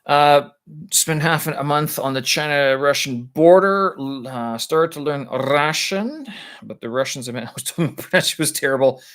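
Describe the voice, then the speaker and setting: A man on a live stream, thinking aloud with halting speech as he explains language points to his viewers. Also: fairly high pitch, fairly bright tone. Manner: halting, searching for words with many pauses.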